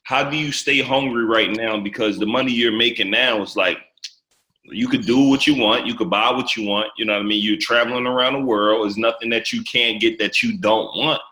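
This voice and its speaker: Emphatic man hosting, bright echoey voice. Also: medium pitch, fairly quick. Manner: emphatic, animated storytelling. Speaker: podcast host. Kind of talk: casual podcast interview. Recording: echoey room.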